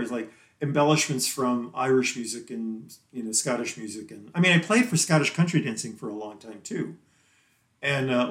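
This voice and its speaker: A man talking as a guest musician in a casual interview, rambling and chatty and quick to laugh. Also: medium pitch. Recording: roomy echo.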